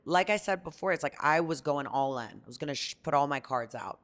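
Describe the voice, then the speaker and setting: A woman's voice: deep voice, lively intonation, brisk, fairly bright tone. A middle-aged woman being interviewed, talking candidly and emphatically, often ending points with "right?". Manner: emphatic, tags statements with "right?". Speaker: guest, reality TV personality.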